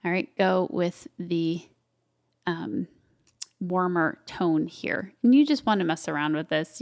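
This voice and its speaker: A woman hosting a casual photo-editing tutorial, talking viewers through each step as she works and throwing in chatty asides. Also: lowish voice. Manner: chatty, talks while working, with asides to viewers.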